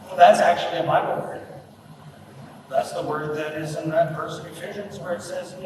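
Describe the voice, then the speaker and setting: A man's voice: on the high side, fairly even intonation, normal speed. A middle-aged man giving a humorous keynote talk at a business breakfast, telling stories and acting out the voices of people in them. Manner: storytelling, acts out quoted voices. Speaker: keynote speaker. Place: large event hall at a business breakfast. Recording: echoey hall from far off, with noise.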